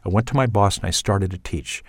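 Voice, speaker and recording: A middle-aged man coach. He talks in short phrases, pausing and restarting as he thinks. His voice sounds close and dry, with no room around it. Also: low-pitched, dry recording. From Canada. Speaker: accent coach for actors. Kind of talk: casual spoken account.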